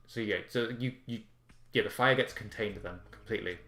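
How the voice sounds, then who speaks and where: A man's voice: lowish voice, fairly quick, sharp tone, roomy sound. A man narrating as game master of a tabletop game, rambling with frequent ums and restarts.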